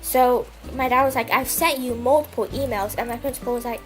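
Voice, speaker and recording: A young woman tells a story in an animated, indignant rant, her voice pitched high and bright. Faint music plays under her casual chat. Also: fairly quick.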